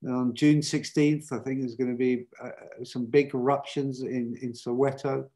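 A man's voice: medium pitch, level tone, measured pace, mellow. A man, a film director on a panel, answering a question thoughtfully with many hesitations and restarts.

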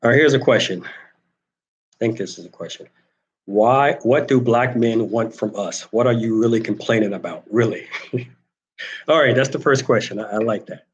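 A man's voice: mid-range voice, normal speed, pauses often, lo-fi sound. A man hosting a casual talk show, telling an army story with quoted voices and reading viewer comments. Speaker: host.

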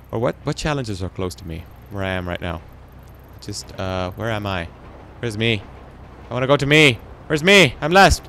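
A man's voice: on the low side, a little hiss or hum. A man hosting a gaming channel, rambling and joking to himself as he plays. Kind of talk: let's play commentary.

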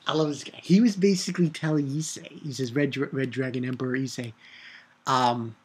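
A man giving a casual video review of an anime episode, excitable and rambling, swearing and shouting out his own reactions. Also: mid-range voice, a little fast, a little hiss or hum. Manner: rambling with restarts and filler.

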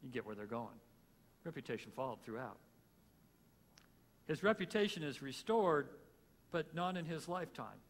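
A man's voice: on the high side, expressive, moderate pace, long pauses. A man closing a church sermon, speaking plainly and reflectively, then leading the congregation in prayer. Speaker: pastor. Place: church sanctuary. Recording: hall reverb with faint room noise.

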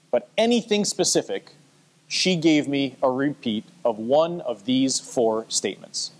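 Man giving a wry conference talk. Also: medium pitch. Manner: anecdotal with wry asides to the audience. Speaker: conference presenter. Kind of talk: conference presentation.

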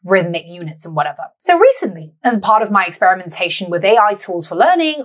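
A woman teacher explaining poetry in a lively, animated way. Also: medium pitch. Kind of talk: explanatory lesson.

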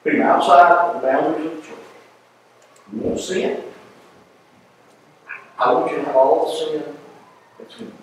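A man teaching a Bible class in a folksy, animated way, often asking the class questions. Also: fairly high pitch, normal speed, pauses often, echoey room, a little hiss or hum, poor audio.

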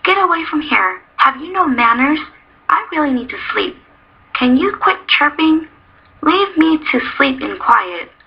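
A woman voicing a cranky, short-tempered old female owl in a storybook, with a shrill, scolding manner. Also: normal speed, husky. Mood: angry. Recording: dull lo-fi recording.

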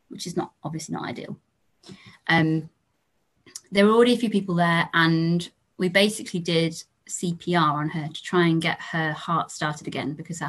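A young English woman gives a lecture as a trainee doctor, recounting stories from her work. Her voice sits slightly low, and she speaks in a calm, measured way, letting her sentence endings fade softly. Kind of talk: storytelling lecture.

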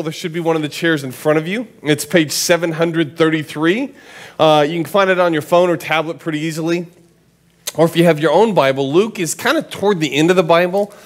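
A pastor speaking to his congregation in a conversational, halting sermon. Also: fairly high pitch.

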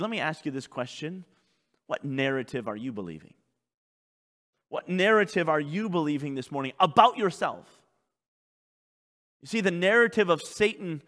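A man preaching in a church, his voice pitched high and ringing bright. He swings between loud, shouted lines and hushed, low passages. A long reverb trails each phrase through the sanctuary. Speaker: pastor. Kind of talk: sermon.

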